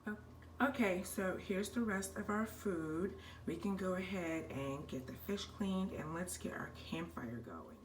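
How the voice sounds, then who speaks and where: A woman voicing a playful mini movie about girls at a camp, switching between excited girls and a low teasing brother. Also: unhurried, recorded from a distance, slight background noise. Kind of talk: playful doll-play mini movie, several voices.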